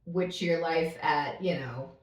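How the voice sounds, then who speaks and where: Low-voiced middle-aged woman, echoey room. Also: slow, distant mic. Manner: blunt and earnest. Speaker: podcast co-host. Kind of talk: casual conversation.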